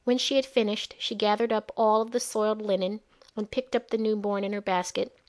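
A woman narrating a fantasy story in a measured storytelling manner. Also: mid-range voice, little pitch movement, darkish tone.

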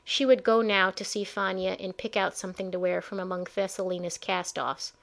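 A woman reading a storybook chapter aloud in an expressive, measured way. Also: mid-range voice, vocal fry. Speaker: audiobook narrator. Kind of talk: storybook narration.

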